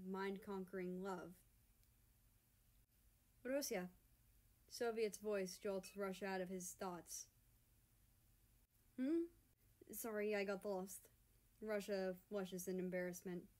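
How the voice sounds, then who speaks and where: Slow, soft-voiced woman reading a story. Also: medium pitch. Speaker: fan fiction reader. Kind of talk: audiobook story narration.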